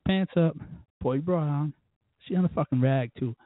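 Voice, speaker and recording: A man's voice: a little high, normal speed, dry recording. A man hosting a podcast, telling a profane, fired-up story in a casual rant. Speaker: podcast host. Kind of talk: casual ranting monologue. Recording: tinny phone-like, dry.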